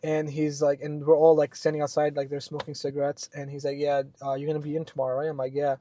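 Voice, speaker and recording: A young man co-hosting a podcast, telling a story in a casual, animated way with lots of fillers and swearing. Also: a little high, quick pace. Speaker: podcast co-host.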